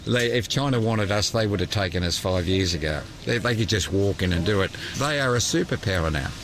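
A man's voice: lowish voice, animated, brisk, a bit bright, a little hiss or hum, rough recording. A man giving a blunt, emphatic opinion in a street interview.

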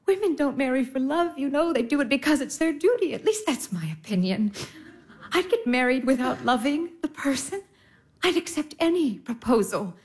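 An actress playing a gentle elder sister who consoles her sibling in a soothing, soft voice that at times drops to a whisper. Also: high voice, lively intonation, moderate pace. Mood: gentle advice. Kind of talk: stage drama acting.

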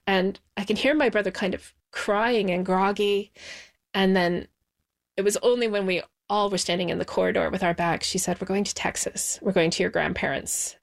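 A woman from the United States speaks as an interview guest, recalling her childhood. Her voice sits at an ordinary middle pitch, and she talks in a measured, reflective way. She slows down to let the weightiest words land. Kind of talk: personal recollection in an interview.

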